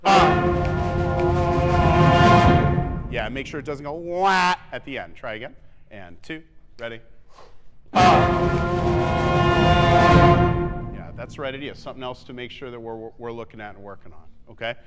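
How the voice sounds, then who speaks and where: A man coaching a wind band in rehearsal, briskly counting off and singing the rhythms to show them. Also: medium pitch, loud music behind the voice. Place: theatre stage. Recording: long theatre reverb with faint band.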